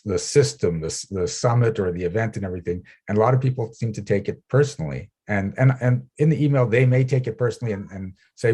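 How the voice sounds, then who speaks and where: A man talks as a guest over a video call, spinning anecdotes and laughing between them. His voice sits a little low and carries a husky edge. He slips into little acted-out quotes as he goes. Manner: animated storyteller, laughs often, acts out quoted people. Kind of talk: casual interview chat.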